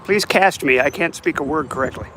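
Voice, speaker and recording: This older man talks into the phone he's holding as he strolls a city street, vlogging with joking, self-deprecating rambles. His voice is fairly high and brisk, with background noise around him.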